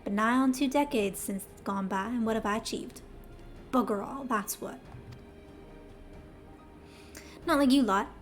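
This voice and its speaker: A woman's voice: on the high side, moderate pace, faint music behind, close to an everyday voice. A woman reading game dialogue aloud, voicing a blunt, folksy middle-aged male schemer in a heavy Southern US twang. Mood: bitter. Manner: folksy, blunt, rough-spoken.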